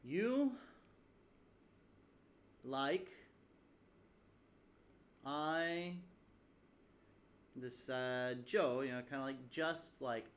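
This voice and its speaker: A man's voice: mid-range voice, animated, very slow, pauses often. A man teaching from his own language study in a casual video lesson, thinking aloud with fillers and restarts. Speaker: language learner explaining lessons.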